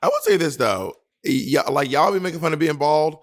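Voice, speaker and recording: A man in his thirties co-hosting a podcast in casual chat, sassy and profane, jumping into high mock voices when quoting people. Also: expressive, brisk. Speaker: podcast co-host.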